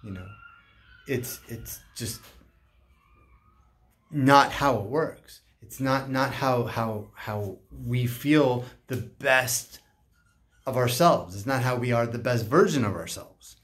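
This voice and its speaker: A man who works as a life coach, talking casually and haltingly to camera and acting out bits of dialogue. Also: mid-range voice. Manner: slow, halting, acts out dialogue in animated voices.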